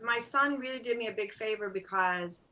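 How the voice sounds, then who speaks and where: A middle-aged woman with a bright, ringing voice tells stories in a relaxed interview. She talks as a singer-songwriter guest, animated and self-deprecating. She acts out bits of dialogue. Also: a little high, normal speed, rough recording. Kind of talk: storytelling in a casual interview.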